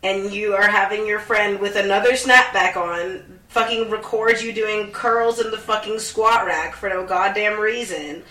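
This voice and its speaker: A woman's voice: medium pitch, fairly even intonation, measured pace, hardly any pauses, pushed and bright, distant mic. A young woman co-hosting a casual chat, ranting sarcastically and swearing a lot. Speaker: podcast co-host. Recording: echoey room, off mic.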